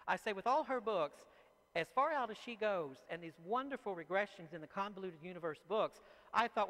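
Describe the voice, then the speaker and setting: A man, an author, speaking to a live audience as an animated and chatty storyteller. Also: high voice, fairly quick, long reverb tail, rough recording. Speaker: author giving a talk.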